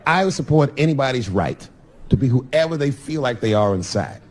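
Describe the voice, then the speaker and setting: A male stand-up comedian telling a story on stage, switching between loud punchlines and mumbled asides. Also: mid-range voice, animated, fairly quick. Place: theater stage before a laughing audience. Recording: live show with audible room noise.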